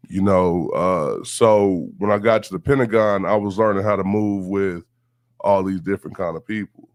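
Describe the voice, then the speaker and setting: A man's voice: low-pitched, normal speed, no room sound. A man from Houston with a Southern accent, telling stories in a laid-back, profane interview chat and laughing often. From Houston, Texas. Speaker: guest. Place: radio station studio.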